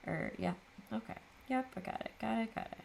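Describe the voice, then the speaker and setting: A woman's voice: on the high side, brisk, vocal fry, darkish tone, a little hiss or hum. A woman hosting a papercraft video, chatting casually and tiredly as she works, often laughing at herself. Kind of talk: casual chat while crafting.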